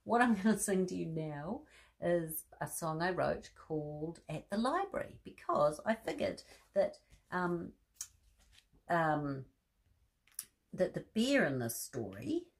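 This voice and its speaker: A woman reading a bedtime story to children, animated and asking the listener questions. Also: on the low side, takes it slowly.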